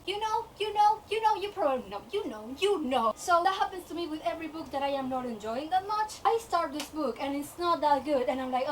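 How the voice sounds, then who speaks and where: A woman's voice: high voice, lively intonation, normal speed. A young woman book vlogger ranting to camera in a chatty, exasperated way, acting out the voices in her head. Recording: distant mic with faint noise.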